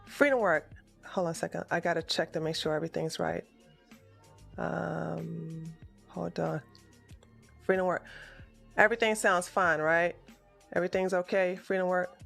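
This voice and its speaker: A man's voice: on the high side, creaky, a bit bright. A political livestream host talking through an argument on his show in an emotional, stammering way that keeps correcting itself. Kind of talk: livestream commentary.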